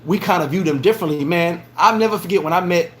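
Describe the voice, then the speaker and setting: He's a fast talker with a voice that sits high, hosting a relaxed livestream vlog from a Dominican Republic bar. The man tells stories with animation, acting out quoted lines as he goes.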